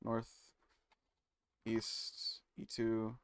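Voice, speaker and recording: A man streaming live, reading code aloud and musing to chat with many pauses and fillers. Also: lowish voice, monotone, smooth. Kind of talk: casual live-stream chat while coding.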